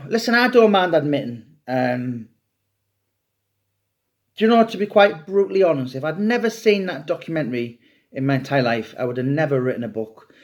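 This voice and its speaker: A man's voice: fairly high pitch, a little mellow. A middle-aged man and author talking casually and at length, rambling and chatty with some swearing. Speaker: true crime author. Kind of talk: casual monologue to camera.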